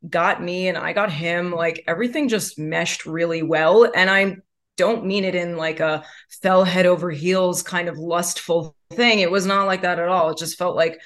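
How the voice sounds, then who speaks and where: A woman's voice: lowish voice, fairly even intonation, moderate pace. A woman guest telling her story in candid, chatty conversation, full of "like" fillers. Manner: chatty, heavy use of "like" fillers.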